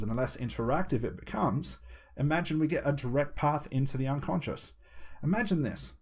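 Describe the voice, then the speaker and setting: Husky-voiced male hypnosis instructor. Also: mid-range voice. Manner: slows down and pauses deliberately to demonstrate a hypnotic voice. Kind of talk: instructional talk.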